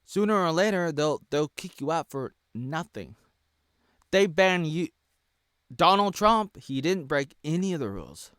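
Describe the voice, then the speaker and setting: A man in his thirties from the United States delivering an erratic ranting monologue, dropping to low mutters and then yelling. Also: very animated, measured pace, smooth, dry recording. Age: 30s. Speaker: vlogger.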